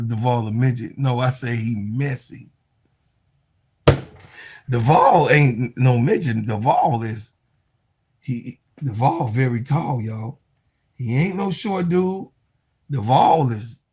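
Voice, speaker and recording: A man's voice: mid-range voice, slow, warm tone, breathy edge. A young man with a Chicago accent hosting a casual sports talk stream, trash-talking and laughing often. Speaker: sports commentary host.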